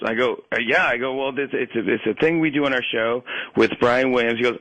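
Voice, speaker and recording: A comedian calls in and tells his stories in an animated rush, laughing and restarting as he goes. His voice sits at an ordinary pitch for a man. The phone line sounds dry and close, with no room around it. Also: normal speed, no echo. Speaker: guest comedian. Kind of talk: phone interview, casual storytelling.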